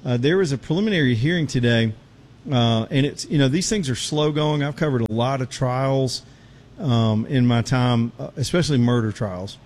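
A man's voice: mid-range voice, normal speed, a little mellow. A man hosting a talk radio show from a road trip, chatting in a folksy, easygoing way and a little out of breath. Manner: folksy, chatty, Southern turns of phrase. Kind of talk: casual talk radio with live ad read. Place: outdoors on a road show, windy.

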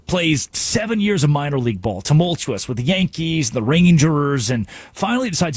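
A male sports radio host delivering an animated, sarcastic rant from a studio. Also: a little high, moderate pace, few pauses, no room sound. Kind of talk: sports talk radio monologue.

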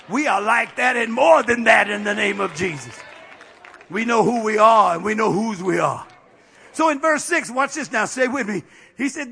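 A middle-aged male pastor preaching a fervent sermon, peppering his phrases with amen and building up to shouts. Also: high voice, husky.

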